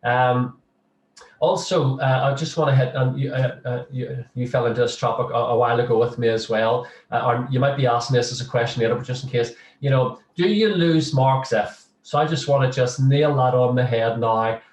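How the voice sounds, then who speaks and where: A man's voice: medium pitch, fairly even intonation, moderate pace. Chatty, humorous male lecturer, roomy distant sound. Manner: chatty and humorous, with frequent restarts. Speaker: social work lecturer. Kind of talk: casual interview chat.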